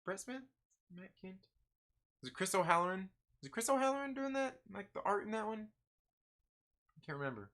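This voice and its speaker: Brief Man, live-stream comics host, bright tone, loose and profane, laughs a lot. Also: high-pitched, animated, fairly quick, long pauses. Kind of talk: casual live-stream chat.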